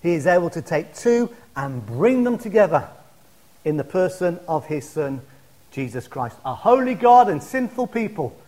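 A man with a high voice preaching a sermon. He swings between loud, ringing declarations and soft, hushed appeals, and slows right down to lean on key words. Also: sing-song.

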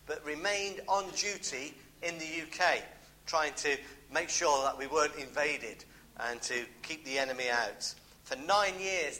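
A man's voice: fairly high pitch, sharp tone, poor audio. A middle-aged man with a British accent preaching a sermon, emphatic, repeating key phrases and adding homely asides.

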